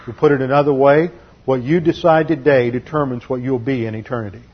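A pastor delivering a methodical teaching sermon, laying out numbered points with steady emphasis. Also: male voice, mid-range voice, a little fast, slightly rough, lo-fi sound. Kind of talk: expository sermon.

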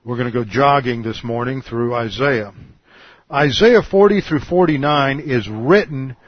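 Husky man preaching an expository sermon. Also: mid-range voice, no room sound, dull audio. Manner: measured, emphatic teaching with rhetorical questions. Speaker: pastor.

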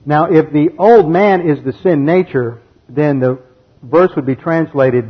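A man with a husky, slightly higher voice gives a methodical Bible lesson, working through the grammar step by step. He reads the verses aloud between explanations. The recording is dull and lo-fi. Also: a little slow. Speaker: Bible teacher. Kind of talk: expository Bible teaching.

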